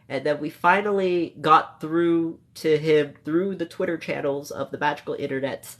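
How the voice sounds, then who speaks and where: A streamer chats through a long story with live viewers, rambling and emotional. They break off to mock-scold the chat and then apologise. They swear freely and correct themselves as they go. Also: medium pitch. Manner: swears freely, quick asides and self-corrections. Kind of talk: casual livestream storytelling.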